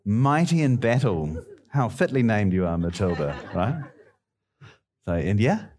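A man's voice: fairly low pitch, very animated, unhurried, a little mellow. A middle-aged male pastor preaching a sermon, playfully bantering with his congregation.

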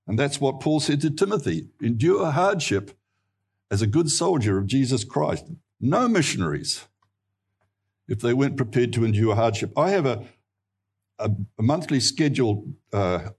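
Kiwi pastor guy preaching, kinda husky voice, earnest storytelling. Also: medium pitch, darkish tone. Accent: New Zealand. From New Zealand. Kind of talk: sermon.

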